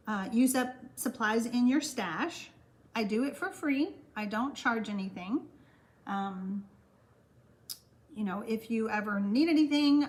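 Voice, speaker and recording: Older woman, Texan accent, slightly high voice, live craft-class host, chatty, answers viewer comments. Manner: chatty, reads viewer comments aloud and answers them warmly. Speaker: card-making host.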